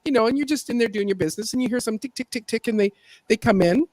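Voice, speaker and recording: A woman's voice: on the high side, fast talker, a little mellow, no room sound. A woman hosting a casual gardening livestream, chatty and laughing often as she retells stories. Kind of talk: casual live chat. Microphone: desk mic for livestream.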